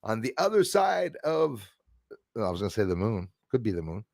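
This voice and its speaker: A man's voice: on the low side, sing-song, normal speed, vocal fry, a little mellow, no echo, clean studio sound. A man hosting a casual livestream, chatting loosely and reading out viewer comments with frequent laughs and fillers. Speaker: livestream host.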